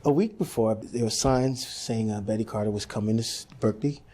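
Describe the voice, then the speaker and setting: A man's voice: on the low side, brisk, slightly rough. A man, a jazz pianist, telling a story in an interview and acting out the voices of the people in it. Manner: animated storyteller, acts out quoted voices.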